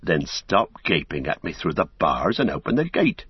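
A man's voice: low voice, sing-song, moderate pace, slightly rough, no echo, muffled recording, exaggerated voice. A man voicing a bold young male hobbit in an audiobook, firm and impatient.

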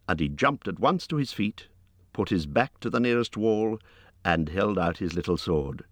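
A man reading a storybook aloud in a measured narrating voice, lifting his pitch for the hero's lines. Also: expressive, no room sound. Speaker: audiobook narrator.

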